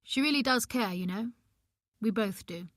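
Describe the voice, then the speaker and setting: A woman narrator voicing a weary young husband who speaks in a flat, cool, firm tone. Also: a little high, moderate pace, no room sound, studio quality, close to an everyday voice.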